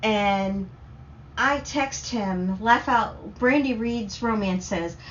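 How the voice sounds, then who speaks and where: A woman with a Southern US accent, hosting a casual story time on a livestream, rambling excitedly between reading chat comments. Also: medium pitch. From Southern United States. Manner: rambling and excitable, talks in quick bursts. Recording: slightly dull lo-fi stream audio with faint noise.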